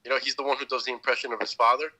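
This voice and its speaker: A man on a podcast tells a story quickly, his voice bright and forceful. He acts out the voices as he goes, and the sound has a radio-like quality. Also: mid-range voice, flat delivery, poor audio. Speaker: podcast co-host. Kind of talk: casual chat, retelling comedy bits.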